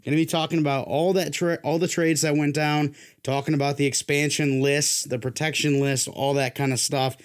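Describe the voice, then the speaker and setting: A man's voice: on the high side, flat delivery, normal speed, few pauses. A young man hosting a casual sports podcast, his voice worn down, joking loosely and pushing himself to sound hyped. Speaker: podcast host.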